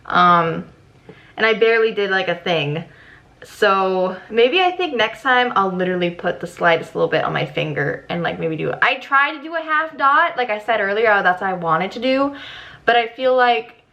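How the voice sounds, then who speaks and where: A young woman talks through her makeup in a casual, chatty way, often giggling and getting excited. Her voice sits at an ordinary pitch for a woman. The sound is a little dull and lo-fi, as if caught on a camera mic at home. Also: normal speed. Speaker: beauty vlogger. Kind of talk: casual makeup tutorial chat. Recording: slightly dull lo-fi audio.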